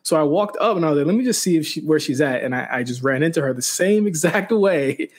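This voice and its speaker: A man's voice: a little high, lively intonation, fast talker. A young man co-hosting a podcast, telling a story in casual chat with many restarts and quoted back-and-forth. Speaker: podcast co-host.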